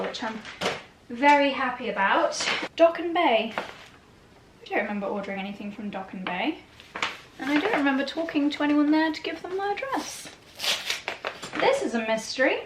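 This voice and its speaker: A chatty woman with a fairly high voice talks through a haul, bubbly and playful. The recording is roomy, with echo around her and a faint hiss underneath. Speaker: lifestyle vlogger. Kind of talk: casual unboxing chat.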